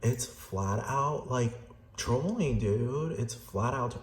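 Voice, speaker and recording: A man's voice: mid-range voice, animated, slow. Profane, exasperated man ranting. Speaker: vlogger. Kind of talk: ranting reaction commentary. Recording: roomy echo, faint background noise.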